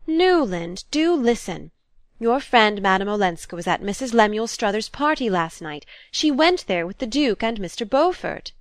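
A woman's voice: medium pitch, big pitch swings, moderate pace, no room sound, studio quality. A woman voicing a prim unmarried sister in a book reading, fussy and pleading in a raised voice. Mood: reproachful.

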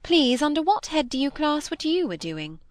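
A woman's voice: sits high, very animated, normal speed, dry recording, pitched above the performer's own voice. A woman reading aloud, voicing a witty, teasing young woman with an arch, playful manner. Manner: arch, playful, lightly scornful.

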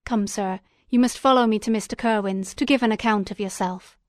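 A woman's voice: mid-range voice, fairly even intonation, fairly quick, no echo, clean studio sound, close to an everyday voice. Brusque townsman, voiced by a woman. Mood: stern. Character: blunt adult male townsman escorting a stranger.

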